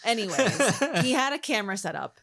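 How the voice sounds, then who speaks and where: A woman co-hosting a podcast, telling stories in a rambling, profane and animated way. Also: a little high, brisk, vocal fry. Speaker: podcast co-host. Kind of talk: casual chat.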